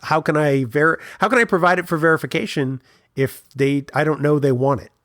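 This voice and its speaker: A man's voice: fairly high pitch, brisk, no echo, studio quality. A man co-hosting a podcast, telling long funny anecdotes in casual chat. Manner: storytelling, animated anecdotes. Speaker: podcast co-host.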